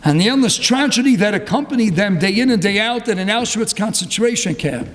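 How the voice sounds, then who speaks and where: Rabbi preaching, very high voice, fervent and swinging between hush and outcry, hall reverb. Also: male voice, expressive, a little fast. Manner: impassioned, swings from low hush to fervent crying-out. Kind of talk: sermon.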